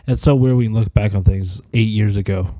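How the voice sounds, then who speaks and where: A man's voice: on the low side, brisk, mellow, no room sound, clean studio sound. A man in his twenties, sick and coughing, rambling through a profane solo audio diary that drifts from topic to topic. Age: 20s.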